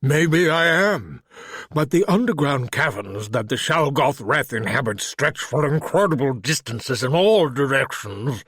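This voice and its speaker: Refined, apologetic monster, deep garbled voice, slow and lilting, dry close sound, a male narrator putting it on. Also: fairly bright tone, slightly rough, dry recording, exaggerated voice. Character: huge clawed cave monster, refined, polite male.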